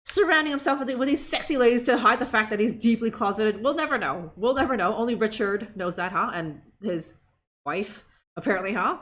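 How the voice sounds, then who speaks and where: A woman's voice: on the high side, fairly quick, fairly bright tone. A woman streaming a video game, chatting casually, swearing, laughing and making sarcastic remarks.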